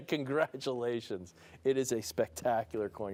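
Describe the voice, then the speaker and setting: A man with a New Jersey accent calls bids on a live broadcast auction. His voice sits a little high, and his delivery is upbeat and playful. He often slips a chuckle in between the price calls. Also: lively intonation, normal speed, a little mellow. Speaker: auctioneer and show host. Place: studio room with a small audience.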